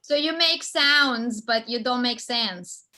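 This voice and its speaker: A young female acting student with a bright, sharp tone and a fairly high voice teases her teacher bluntly in casual class chat. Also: slow. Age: young adult. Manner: teasing, blunt.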